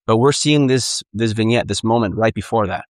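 A man's voice: on the low side, fairly quick, no room sound. Earnest man preaching a casual sermon. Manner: earnest, conversational preaching with repetitions and restarts. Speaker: pastor.

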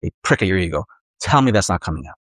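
A man's voice: low-pitched, animated, fast talker, fairly bright tone, dry recording, clean studio sound. Earnest man preaching a sermon. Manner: earnest, conversational preaching with acted-out inner voices.

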